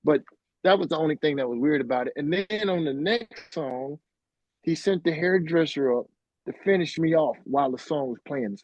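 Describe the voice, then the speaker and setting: A middle-aged man, a musician being interviewed, telling a story in a casual, animated way and acting out what others said. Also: fairly high pitch, normal speed, no room sound, dull audio. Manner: animated, acts out quoted voices.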